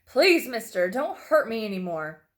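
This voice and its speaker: A woman's voice: fairly high pitch, sing-song, unhurried. A woman voicing a terrified older man begging his captor. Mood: pleading. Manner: pleading, panicked, swearing.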